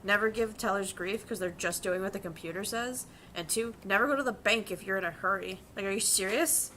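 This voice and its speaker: A young woman chats on stream while she draws, spinning loose, profane stories about her job. Her voice comes through bright and forceful at a desk mic, with a faint hiss underneath. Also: mid-range voice, brisk. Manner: chatty, profane, storytelling with quoted voices. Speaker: vtuber streamer and bank teller. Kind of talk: casual chat while drawing.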